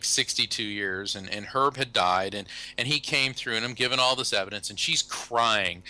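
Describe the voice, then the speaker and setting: American man, bright and forceful, a storytelling guest with an animated, self-amused delivery. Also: medium pitch, no echo, low-quality recording. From USA. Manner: anecdotal, animated, acts out quoted people, self-amused. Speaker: guest, psychic medium and lawyer. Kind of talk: casual storytelling interview.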